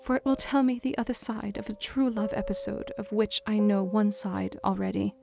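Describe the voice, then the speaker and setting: An actress playing an earnest, devoted young Victorian wife in a dramatized reading of a classic novel, speaking in a soft, formal way. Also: female voice, mid-range voice, flat delivery, moderate pace, gravelly, over music, close to an everyday voice. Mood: tender.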